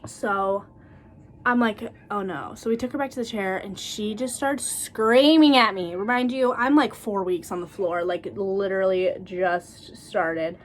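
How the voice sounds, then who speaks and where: A blunt woman in her twenties, telling stories in a casual, lively vlog. Her voice sits at a middle pitch and she laughs easily between points. A faint background hum runs under her talk. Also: unhurried. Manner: blunt, animated, laughs often. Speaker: cosmetologist sharing school experiences.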